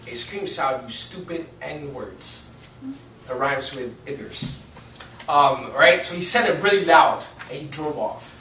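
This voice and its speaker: Young guy preaching, laughing thru a story, bright tone, faint room hiss. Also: on the high side, a little slow. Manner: animated storytelling, laughing, lots of fillers. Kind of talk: sermon. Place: church hall. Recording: echoey hall, mic at a distance.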